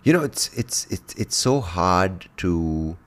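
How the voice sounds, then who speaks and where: A man with a low voice hosts a conversational interview. He is animated and laughs easily, and he often restarts his thoughts in the middle of a sentence. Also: takes it slowly. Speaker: podcast host.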